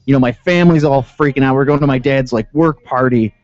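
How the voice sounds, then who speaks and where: A man's voice: mid-range voice, quick pace, dry recording, muffled recording. A man with a Western New York accent hosting a casual radio talk show, telling stories with lots of laughter. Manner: animated storyteller, laughs often. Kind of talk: casual banter.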